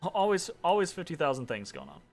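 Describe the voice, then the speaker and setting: A male game streamer talks through his turn in a casual, rambling way, pausing on filler words as he thinks aloud. His voice sits a little high for a man. Soft background music plays under him. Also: wildly swooping pitch, gravelly. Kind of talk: casual let's-play commentary.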